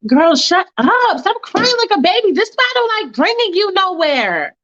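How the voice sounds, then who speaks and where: A woman's voice: very high voice, very animated, moderate pace, a bit bright, highs cut off, pitched above the performer's own voice, exaggerated voice. Woman doing a mouthy sassy teen girl. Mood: mocking. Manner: sassy, mocking, brash. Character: sassy sixteen-year-old girl, bold and mouthy.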